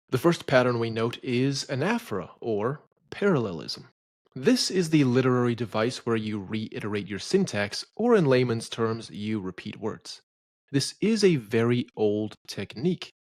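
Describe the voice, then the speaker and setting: A man's voice: medium pitch, no echo, clean studio sound. A man giving a scripted lecture on poetry in a didactic, opinionated way. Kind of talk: scripted educational narration.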